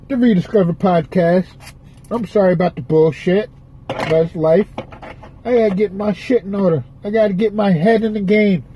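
A man's voice: high-pitched, slightly rough, lo-fi sound. A man hosting his podcast in a casual rambling monologue, profane and frustrated, with a stuffy nose. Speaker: podcast host. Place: parked car.

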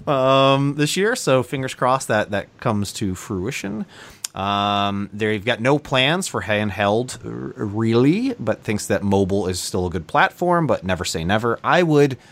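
A man with a lowish voice co-hosts a casual gaming podcast. He runs through news items in a loose, chatty way, laughing often and filling gaps with ums. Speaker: podcast co-host.

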